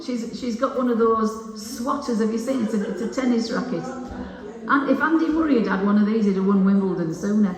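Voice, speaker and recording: A woman's voice: medium pitch, brisk, recorded from a distance, a crowd in the background. An older woman from England leads a singing group, chatting, joking and teaching songs line by line into a microphone. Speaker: singing session leader. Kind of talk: leading a group singalong. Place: large echoey hall. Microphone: microphone on a stand. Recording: echoey hall with long reverb.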